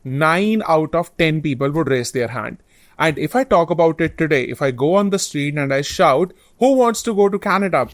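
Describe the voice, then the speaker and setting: On an advice channel, a male host talks directly to camera, laying out study-abroad options earnestly and point by point. His voice is on the high side with lively intonation and a moderate pace, recorded in a clean studio with no echo.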